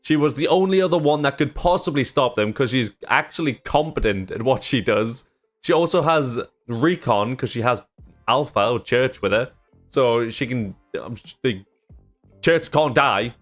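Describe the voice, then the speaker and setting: A young man hosting a reaction video, talking casually and excitably, swearing freely and laughing. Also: medium pitch, moderate pace, faint music behind.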